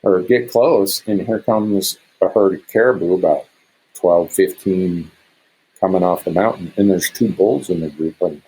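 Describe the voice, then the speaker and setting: A middle-aged man from Montana, a hunter guesting on a podcast, telling a story in an animated way and acting out what others said. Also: low-pitched, a little slow, breathy edge, rough recording. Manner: animated, acts out quoted speech in a raised voice.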